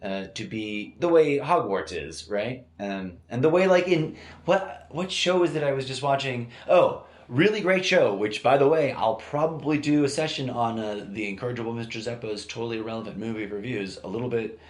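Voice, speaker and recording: A man's voice: mid-range voice, moderate pace, few pauses. A man hosting a solo podcast, thinking aloud in a meandering, hesitant way with many fillers and restarts, recorded in a room at home. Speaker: podcast host. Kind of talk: rambling solo podcast monologue. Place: home room used as studio. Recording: echoey room.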